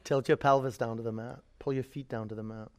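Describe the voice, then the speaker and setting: A man's voice: medium pitch, fairly even intonation, quick pace. A man teaching a live yoga class, calling out poses, counting down holds and coaching students by name.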